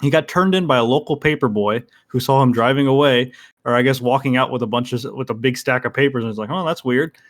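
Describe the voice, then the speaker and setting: A man's voice: medium pitch, fast. A young man co-hosting a podcast, retelling a news story in a laid-back casual way. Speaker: podcast co-host.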